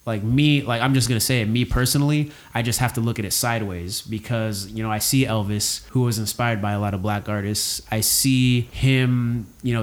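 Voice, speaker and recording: A man co-hosting a casual film discussion, talking in an opinionated, conversational way with frequent fillers and restarts. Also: fairly low pitch. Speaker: podcast co-host discussing a film.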